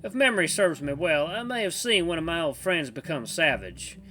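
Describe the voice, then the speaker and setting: A man's voice: fairly high pitch, animated, normal speed, bright, forceful tone, slight background noise, voice pushed up. A man putting on a drawling old Southern grandpa. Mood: reminiscing. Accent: put-on Southern US. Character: kindly old grandfather bartender, gentle and caring.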